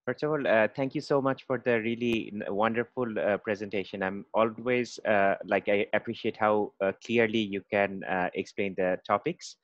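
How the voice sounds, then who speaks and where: Low-voiced hesitant male moderator. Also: steady tone, normal speed, few pauses, no echo. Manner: hesitant, many uhs, polite. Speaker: event moderator. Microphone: video call. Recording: dull dry lo-fi call audio.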